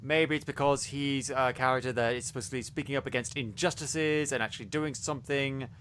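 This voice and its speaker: A man's voice: medium pitch, steady tone, a little fast, a bit bright, slight background noise. A man co-hosting a casual review podcast, talking with enthusiasm and lots of fillers and restarts. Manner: enthusiastic, rambling with many fillers. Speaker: podcast co-host.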